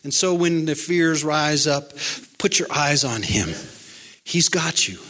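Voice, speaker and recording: A man with a bright, clear-edged voice preaches an encouraging sermon, reciting scripture with earnest conviction. His voice sits a little higher than most men's. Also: expressive, slow pace. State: pandemic-era address. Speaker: pastor.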